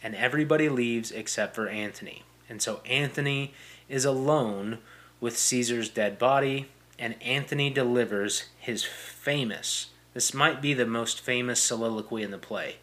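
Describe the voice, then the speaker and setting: A man's voice: mid-range voice, moderate pace, a bit bright. Casual man retelling a play. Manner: conversational, many fillers and restarts, paraphrases quotes plainly. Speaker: podcast host explaining a play.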